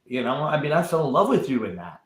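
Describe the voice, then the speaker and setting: Male guest, average pitch, emphatic and repetitive, echoey room. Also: sing-song, fast. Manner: emphatic, repeats words while building up. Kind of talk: casual chat.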